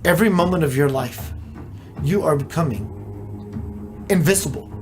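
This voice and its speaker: Soft background music accompanies a spiritual teacher's live stream, delivered in an animated, medium-pitched voice. The teacher muses slowly through many rhetorical questions and reads viewers' chat comments aloud.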